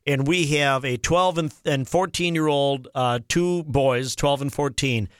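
A man in his forties hosting a radio talk show, telling stories in an animated, exasperated way. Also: medium pitch, a little slow, clean tone, no room sound, clean studio sound. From Minnesota. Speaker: radio host. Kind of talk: casual chat. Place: radio studio.

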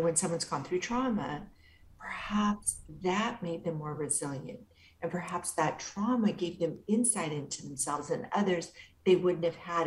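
A woman guest being interviewed, speaking calmly and gently in a soothing, therapeutic way. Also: lowish voice. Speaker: guest author and inner-child coach. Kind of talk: interview answers. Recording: roomy echo.

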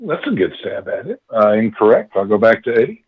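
A man hosting a trivia quiz, reading questions slowly and deliberately. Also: fairly low pitch, sing-song, husky, phone-quality sound. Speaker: quiz host.

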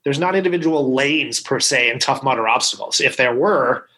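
Bright-voiced, emphatic male podcast co-host. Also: mid-range voice, normal speed, poor audio. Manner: emphatic, argumentative, keeps asking "right?". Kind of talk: casual chat.

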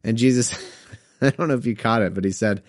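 A man's voice: mid-range voice, a little fast. A man reading scripture aloud and breaking off into wry, joking asides. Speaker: Bible reader and commentator.

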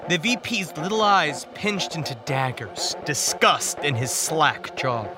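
A man as guest preacher, reading a dark comic story in a wry, dramatic way. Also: on the high side, sing-song, a little slow. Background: music.

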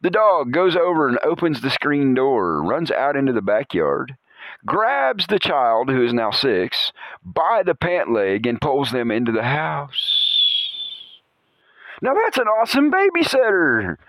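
A man's voice: medium pitch, very animated, slow, fairly bright tone, no echo. A man hosting a podcast, telling rambling animal anecdotes in a casual way and chuckling often. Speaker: podcast host.

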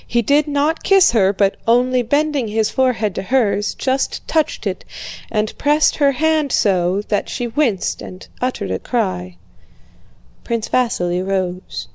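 A woman narrating a classic novel aloud in a measured, calm storytelling manner. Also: fairly high pitch, no room sound. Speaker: audiobook reader. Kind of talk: scripted narration.

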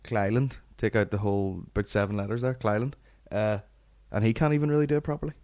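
A man's voice: on the low side, rapid-fire, mellow. A man with a Northern Irish accent hosting a comedy podcast, rambling and swearing as he rants. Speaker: podcast host.

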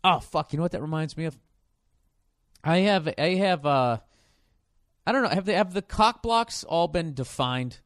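A man hosting a podcast, telling a crude story in casual chat, cursing freely and now and then bursting into loud mock shouts. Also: a little high, lively intonation, normal speed, long pauses, no echo, clean studio sound. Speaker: podcast host.

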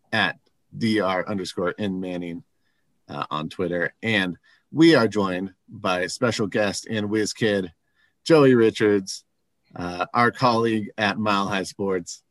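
Deep-voiced friendly male podcast host. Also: measured pace, a bit bright, dry recording. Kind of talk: casual sports podcast chat.

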